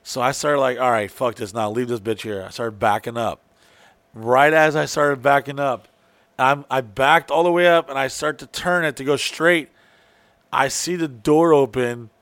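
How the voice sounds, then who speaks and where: A man with a medium-pitched, slightly bright voice tells a long, profane story in casual chat at normal speed, with no echo. He rambles and acts out his own lines from the time.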